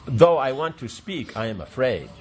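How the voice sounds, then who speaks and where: A man reading the lines of a timid, fretful elderly servant woman in a storybook play, hesitant and halting. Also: medium pitch, big pitch swings, darkish tone, husky, muffled recording.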